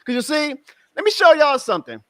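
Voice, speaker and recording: A middle-aged man hosting a sports talk stream, ranting with sarcasm and swinging from loud outbursts to low muttering. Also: very animated, a little fast, dry recording. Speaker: sports show host.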